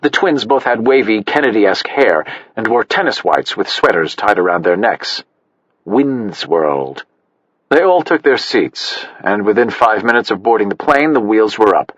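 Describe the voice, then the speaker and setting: Husky, lively male audiobook narrator. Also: lowish voice, moderate pace, no echo. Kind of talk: scripted narration. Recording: dull, dry, slightly muffled.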